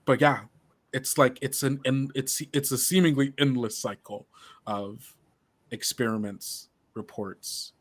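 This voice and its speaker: Slow, halting male game master. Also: mid-range voice, steady tone, dry recording. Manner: halting, full of fillers. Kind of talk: narrating a tabletop game.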